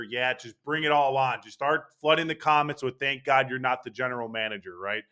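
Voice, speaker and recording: A man's voice: mid-range voice, a little fast, hardly any pauses, sharp tone, clean tone. A young man hosting a casual sports opinion monologue, brash and profane, talking with hyped energy. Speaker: baseball channel host.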